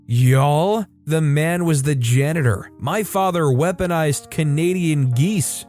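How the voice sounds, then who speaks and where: A man narrating online stories in a casual, lively reading style. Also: fairly high pitch, slow pace, soft background music. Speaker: story narrator.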